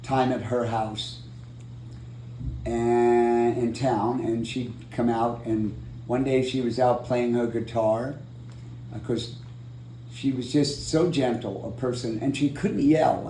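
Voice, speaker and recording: A man telling a long personal story in an oral history interview, acting out the quotes with lively energy. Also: medium pitch, a little slow, echoey room, a little hiss or hum, rough recording. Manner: animated storyteller, acts out quotes. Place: room in San Diego.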